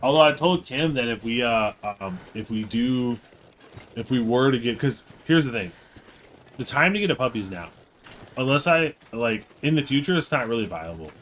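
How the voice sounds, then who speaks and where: A man's voice: mid-range voice, lively intonation, normal speed, fairly bright tone, slight background noise. A man co-hosting a live game stream, chatting casually in a rambling, playful way. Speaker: streamer co-host. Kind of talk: casual live-stream chat while gaming.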